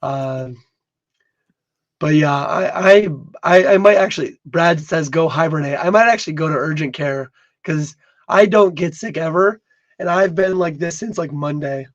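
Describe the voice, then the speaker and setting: A hoarse man who has lost most of his voice, co-hosting a casual livestream podcast and often stumbling and repeating his words. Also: on the high side, normal speed, dull audio. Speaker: podcast co-host.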